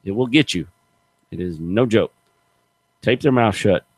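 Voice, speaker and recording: This middle-aged man's voice is fairly low and slightly rough, measured in pace with no echo. A radio host and gator hunter, he tells stories in casual on-air chat with a folksy, emphatic, animated style.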